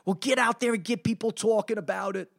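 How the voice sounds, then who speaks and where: A man's voice: sits high, fast, gravelly, fairly bright tone, exaggerated voice. A man imitating a blunt older woman literary agent with a New York accent, giving him orders. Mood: bossy. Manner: blunt, bossy instructions.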